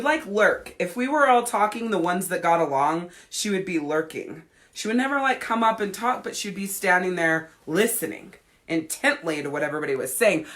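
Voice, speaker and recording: A thirties-aged woman with a lowish, fairly bright voice hosts a podcast and works as a life coach. She tells a personal story casually, speaking bluntly, frankly, and with profanity.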